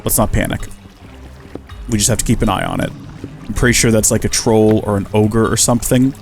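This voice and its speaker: Briskly, in a lowish voice with fairly even intonation, an American man gives let's-play commentary on a survival game. He's chatty and jokey, addressing the on-screen animals as faint game music plays behind him.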